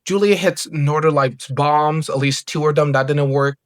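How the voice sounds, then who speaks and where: Excited young man reviewing wrestling. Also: on the high side, normal speed. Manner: excited, rambling with many "like"s. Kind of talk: casual show review.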